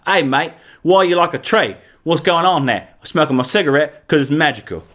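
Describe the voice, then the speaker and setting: A man's voice: on the high side, fairly quick, a bit bright, close to an everyday voice. A man voicing a cocky male magician who smokes, in a breezy mock-British way of talking.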